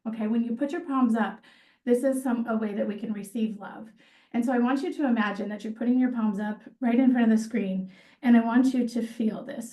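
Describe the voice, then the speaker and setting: A woman trauma therapist speaking on a video call, gently guiding a slow breathing meditation with pauses. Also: on the high side. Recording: echoey room, far from the mic.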